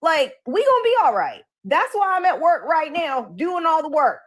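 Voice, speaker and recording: Animated, sassy woman chatting on a livestream. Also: extremely high pitch, moderate pace. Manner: animated, sassy, slangy storytelling. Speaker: co-host of a live political chat stream. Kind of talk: casual live-stream chat.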